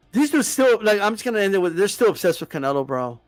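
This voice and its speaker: A man's voice: sits high, expressive, a little fast, no room sound, soft background music. A man hosting a boxing channel, ranting to the camera with heavy swearing and lots of repetition. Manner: profane, heated, repeats himself.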